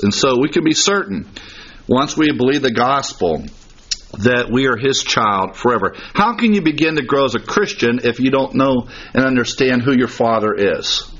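A man delivers a sermon with a husky edge to his voice, pressing his points with emphasis and stacking up scripture references. The recording is dull and lo-fi, with the top end rolled off. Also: mid-range voice, fairly bright tone. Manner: emphatic, citing verse references rapidly. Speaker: pastor. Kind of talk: expository sermon. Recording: dull lo-fi sound.

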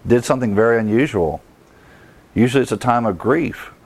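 A man preaching a sermon as a pastor, with a mid-range voice that climbs higher when he presses a point. His delivery is emphatic and earnest, and he breaks into short chuckles along the way. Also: fairly quick, darkish tone.

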